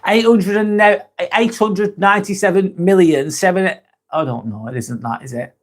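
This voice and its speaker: A man's voice: sits high, moderate pace. Laid-back man chatting on a livestream. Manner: laid-back, swears freely, laughs often; reads viewer comments aloud. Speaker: livestream host. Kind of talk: casual live chat.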